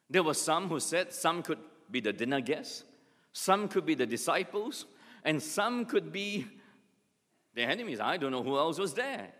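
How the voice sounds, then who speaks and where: A man preaching a sermon as pastor, telling stories with lively acted asides. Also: a little high. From Singapore. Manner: animated storytelling with acted asides. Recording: long hall reverb.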